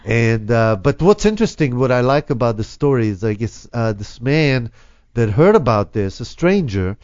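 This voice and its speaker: A man hosts a talk radio show, rambling along and leaning on "you know" and "uh" between thoughts. His pitch swings widely as he talks. The sound is dry and dull, like a lo-fi studio broadcast. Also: sing-song, normal speed, darkish tone, dry recording. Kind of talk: casual chat.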